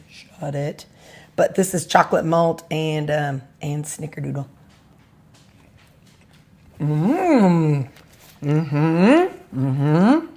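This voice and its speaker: A woman vlogger chatting casually about her meals, rambling and tasting food as she talks. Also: fairly low pitch. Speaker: weight-loss vlogger. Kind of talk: casual food vlog chat.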